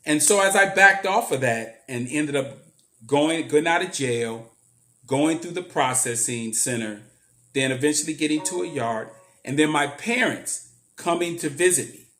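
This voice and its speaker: A man's voice: fairly high pitch, normal speed, a bit bright. A middle-aged man earnestly telling a personal story, emphatic and repeating himself for weight. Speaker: motivational speaker.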